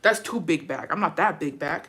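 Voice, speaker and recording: A young woman telling a story in casual chat, animated and profane, slipping Spanish phrases into her English. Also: deep voice, moderate pace.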